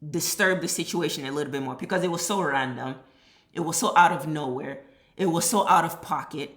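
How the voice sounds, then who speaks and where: A woman's voice: low voice, brisk, a bit bright. A woman giving a heated, exasperated reaction commentary, cursing freely as she vents. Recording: roomy echo.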